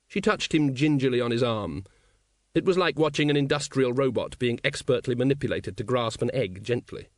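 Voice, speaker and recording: A man reading an audiobook aloud, wry and measured. His pitch moves in a lively way through each sentence. The recording is close and dry. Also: no echo. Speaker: audiobook narrator. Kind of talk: scripted narration.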